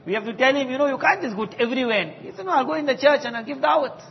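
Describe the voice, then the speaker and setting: Man, preacher, storytelling sermon, animated quoted dialogue, muffled lo-fi recording, hall reverb. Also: very high-pitched, racing, gravelly, a little hiss or hum. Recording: dull audio with long hall reverb.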